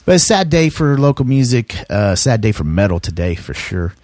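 A man's voice: medium pitch, sing-song, moderate pace, a little mellow, dry recording. A middle-aged man telling rambling, profane stories in casual chat, laughing as he goes. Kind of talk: casual storytelling.

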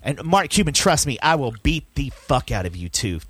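A man's voice: medium pitch, big pitch swings, moderate pace, a bit bright, slightly rough, no echo. A man from Texas co-hosting a podcast, talking in a heated, profane rant. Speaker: podcast co-host. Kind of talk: casual podcast banter.

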